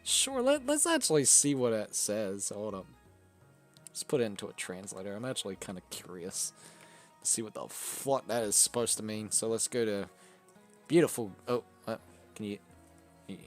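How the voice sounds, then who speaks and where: Young male streamer, casual chat, lively swearing delivery, faint music behind. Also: lowish voice, moderate pace, pauses often. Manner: swearing, laughing, chatty and animated. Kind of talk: casual live-stream chat while gaming.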